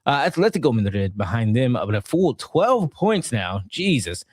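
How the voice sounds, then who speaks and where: A man's voice: medium pitch, big pitch swings, moderate pace, breathy edge, no echo, studio quality. A man co-hosting a soccer podcast, reading out results and standings in a playful, sometimes sing-song way. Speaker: podcast co-host. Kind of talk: casual soccer match review.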